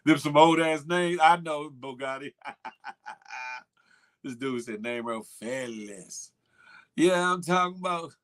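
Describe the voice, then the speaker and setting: A man's voice: on the high side, slow pace, pauses often, a bit bright. A man hosting a morning show, chatting casually and teasing viewers with slang and laughter. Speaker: morning show host reading viewer comments. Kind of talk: casual chat.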